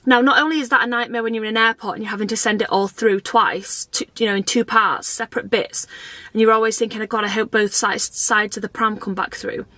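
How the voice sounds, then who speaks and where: A woman's voice: a little high, steady tone, fast, sharp tone, dry recording. A woman vlogging in a chatty, rambling way, often putting herself down. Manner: chatty, rambling, self-deprecating. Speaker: family vlogger. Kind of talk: casual vlog chat.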